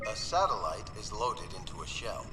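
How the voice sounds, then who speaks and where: Calm instructional film narrator, far off and echoey with loud music. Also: male voice, fairly low pitch. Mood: explanatory. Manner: measured, explanatory.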